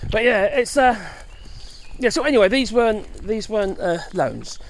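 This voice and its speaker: A man's voice: high voice, lively intonation, moderate pace, a little hiss or hum. A middle-aged man chatting casually and sarcastically on a dog walk outdoors, full of exclamations. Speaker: channel host. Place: outdoors walking dogs.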